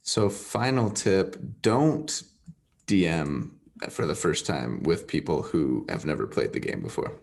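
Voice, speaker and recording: A man's voice: a bass voice, big pitch swings, measured pace, gravelly, darkish tone. A man hosting a casual talk show, easygoing and full of fillers. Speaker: host.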